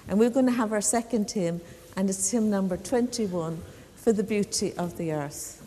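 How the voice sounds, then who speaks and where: A woman telling a story to children in a church service, in a gentle, chatty way with small fillers. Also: medium pitch, moderate pace. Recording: long church reverb.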